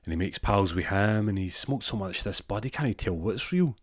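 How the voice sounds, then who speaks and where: A man's voice: on the low side, lively intonation, normal speed, dry recording, clean studio sound. A man telling an improvised comic story in a rambling way, often stumbling over repeated words.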